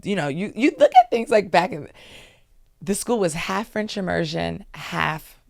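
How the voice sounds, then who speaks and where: A woman in her thirties from Maryland, telling stories in a lively, animated way as an interview guest. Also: fairly low pitch, normal speed, creaky, dry recording, studio quality. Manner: lively, animated storytelling with asides. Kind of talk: casual storytelling.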